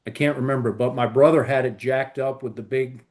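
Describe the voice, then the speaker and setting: A man's voice: medium pitch, fairly even intonation, brisk, darkish tone. A man with a mid-range voice chats casually on a podcast. He tells long, rambling stories filled with fillers. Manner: rambling storyteller, many fillers. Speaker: podcast co-host. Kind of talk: casual chat.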